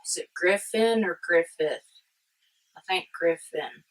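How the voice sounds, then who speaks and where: A woman's voice: lowish voice, slow, low-quality recording. A woman vlogging casually about history, chatty and rambling with eager side tangents.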